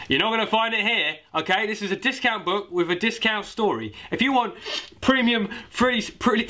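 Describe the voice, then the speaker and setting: A young British man rambles awkwardly through a comedy sketch, selling his own book with clumsy asides. His voice sits a little high and sounds bright and forceful. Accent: British English. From Britain. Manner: rambling, awkward, self-promoting. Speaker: comic playing a self-published author.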